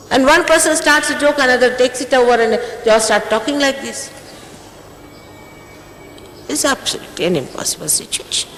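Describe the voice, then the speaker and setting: A woman's voice: high-pitched, a bit bright, a little hiss or hum. Stern woman in her sixties scolding. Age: 60s. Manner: stern, reproachful, emphatic rhetorical questions. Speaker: spiritual teacher. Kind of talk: scolding address to followers. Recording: echoey hall with long reverb, faint ambience, 1980s archive tape.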